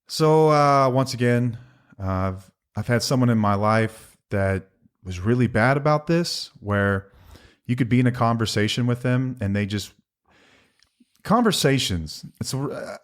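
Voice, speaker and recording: Low-voiced man co-hosting a podcast. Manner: earnest, joking. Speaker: podcast co-host. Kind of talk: casual conversation.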